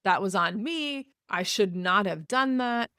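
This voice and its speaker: A woman's voice: mid-range voice, expressive, a little slow, pushed and bright, smooth, dry recording, studio quality. A woman hosting a podcast, talking frankly in a casual advice monologue, often laughing and acting out example apologies in quotes. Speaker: podcast host.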